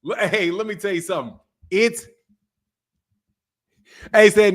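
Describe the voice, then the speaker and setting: A man with a fairly high voice hosts a live boxing stream and trash-talks with swagger. He laughs a lot and speaks. His delivery swings from shouted outbursts to low mutters. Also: steady tone, normal speed, long pauses. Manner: brash, trash-talking, laughs often, swings from loud to low. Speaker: boxing channel host. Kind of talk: live stream commentary with viewer chat.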